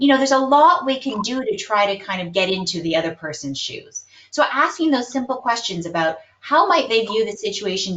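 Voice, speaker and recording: Calm explaining woman in a roomy room. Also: mid-range voice. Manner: calm, explanatory, many hedging "kind of"s. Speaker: psychologist guest. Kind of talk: webinar Q&A explanation. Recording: roomy, dull lo-fi webinar audio.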